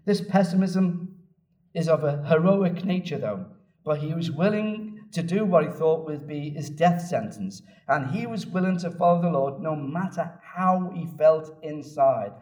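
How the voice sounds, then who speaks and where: A man preaching a sermon, telling the story in a lively way and repeating phrases for emphasis. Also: on the high side, unhurried. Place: church. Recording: echoey church room from a distance.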